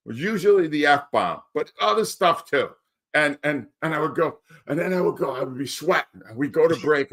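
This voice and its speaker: A man's voice: a little high, fairly bright tone. A man in his sixties, a retired sports radio host, reminiscing in a casual interview.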